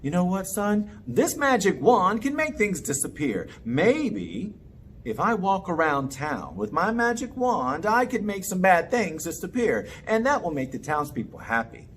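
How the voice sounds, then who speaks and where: A man voicing a gentle, kindly father. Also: high voice, very animated, measured pace, a little hiss or hum, exaggerated voice. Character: kindly worried father with a magic wand.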